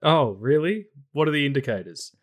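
A man's voice: a little high, expressive, brisk. A man guesting on a podcast in casual chat, blunt and sweary, rambling with restarts.

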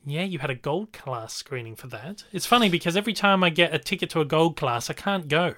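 A man's voice: a little high, animated, brisk, pushed and bright. A man co-hosting a casual film review chat, enthusiastic and rambling, with fillers and restarts.

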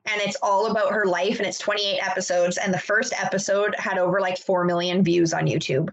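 A woman's voice: medium pitch, steady tone, fairly quick, highs cut off. A woman co-hosting a casual podcast chat, telling stories in a loose way with lots of fillers. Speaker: podcast co-host.

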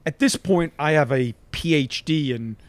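A man's voice: a little high, moderate pace, no room sound. A middle-aged man, a golf coach on a podcast, telling stories emphatically and checking in with "right?". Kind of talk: animated anecdote-telling in conversation.

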